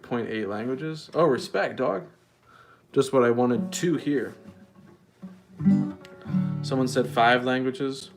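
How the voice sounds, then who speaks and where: Slow, deadpan comedic man. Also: mid-range voice. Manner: deadpan, mock-earnest comedic rambling. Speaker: livestream host. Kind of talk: casual livestream chat.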